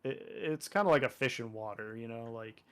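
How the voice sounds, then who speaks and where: A young Canadian artist and streamer with a Canadian accent chats casually while drawing on a live stream, rambling and joking with lots of fillers. His voice is medium-pitched, fairly bright, and a little fast.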